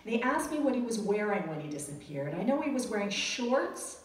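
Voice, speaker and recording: A woman's voice: medium pitch, very animated, a little fast. A woman telling a wry, self-deprecating true story to a live audience at a cafe storytelling night. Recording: echoey cafe recording from far off with room noise. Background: audience laughter.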